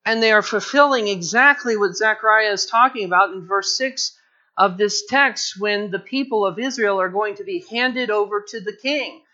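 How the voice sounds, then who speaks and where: A man's voice: high voice, moderate pace, sharp tone. A man preaching a sermon as pastor, repeating phrases and building to urgent pleading. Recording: dull lo-fi church recording.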